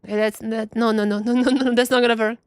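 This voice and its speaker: A young woman streaming a game and commentating emphatically, repeating herself and brushing off ideas quickly. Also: a little high, flat delivery, smooth, dry recording. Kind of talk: live gameplay commentary.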